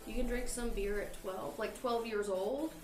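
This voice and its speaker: A woman's voice: fairly high pitch, steady tone, moderate pace. A woman hosting an online trivia livestream, giggling often as she reads questions and chats. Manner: giggly, laughs often while reading questions. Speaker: trivia host. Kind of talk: casual trivia livestream chat. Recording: roomy echo with faint music.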